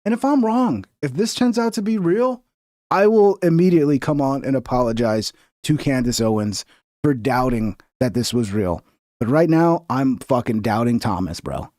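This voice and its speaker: A man's voice: mid-range voice, lively intonation, moderate pace, a little mellow, no room sound, clean studio sound. A man streaming reaction commentary in a sarcastic, profane, mocking rant.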